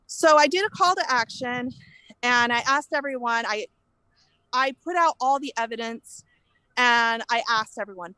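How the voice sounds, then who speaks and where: A woman from California, a guest telling her story in an animated, indignant way and acting out the exchanges she quotes. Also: a little high, normal speed, smooth, no echo, rough recording. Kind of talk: casual interview storytelling.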